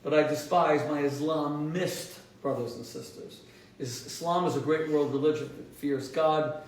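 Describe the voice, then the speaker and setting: Telling stories with fervent emphasis at a moderate pace, this man is a rabbi hosting his own program, and his fairly high voice jumps sharply in pitch when he hammers a point home. He often trips over words and starts again. The mic is distant, the room echoes strongly, and there's a faint noise underneath.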